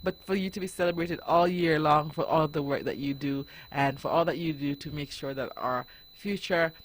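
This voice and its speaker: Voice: mid-range voice, normal speed, a little hiss or hum, poor audio. A radio show host chatting casually on air with a young guest in the studio, laughing often and tripping over repeated words.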